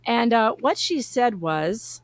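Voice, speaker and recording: A woman's voice: a little high, big pitch swings, slow pace. Giggly woman on a live stream. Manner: giggly, joking, often laughing mid-sentence. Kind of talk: casual live-stream chat.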